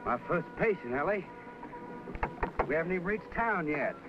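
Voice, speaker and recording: An actor playing a friendly, good-humored country doctor with a Southern accent, speaking in an easygoing folksy drawl in 1950s TV western style. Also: male voice, a little high, animated, moderate pace, close to an everyday voice. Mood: calm. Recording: dull old TV soundtrack with music.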